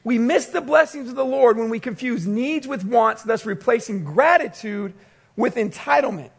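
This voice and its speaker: A man pastor preaching a sermon, telling a personal story with animated storytelling and quoted voices. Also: extremely high pitch, normal speed, creaky, slightly rough.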